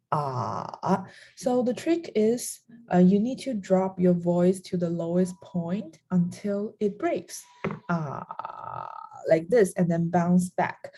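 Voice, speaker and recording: A woman's voice: fairly low pitch, warm tone. A young adult woman, a native Chinese speaker, teaching a beginner lesson on tones and voicing each tone to demonstrate it. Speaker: language teacher.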